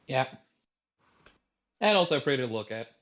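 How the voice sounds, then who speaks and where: A man's voice: mid-range voice, big pitch swings, moderate pace, a bit bright, highs cut off. A man from Norway with a Norwegian accent, co-hosting a casual podcast with sarcastic, crude banter. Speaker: podcast co-host.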